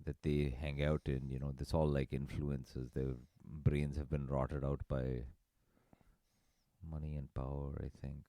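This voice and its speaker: A man co-hosting a podcast in casual comedic chat, laughing often and swinging between low mutters and loud bursts. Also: level tone, a little slow, dry recording, clean studio sound. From Indian family background. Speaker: podcast co-host.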